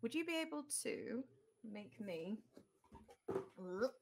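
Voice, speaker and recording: A woman's voice: on the high side, animated, slow pace, noisy background. A woman game master narrating an online tabletop game in a loose, descriptive way, thinking aloud as she goes.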